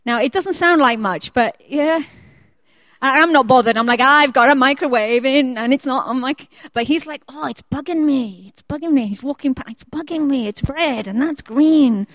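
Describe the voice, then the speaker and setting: A woman preacher in her thirties telling a chatty personal story with animated quoted voices before turning to her sermon. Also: fairly high pitch, no room sound.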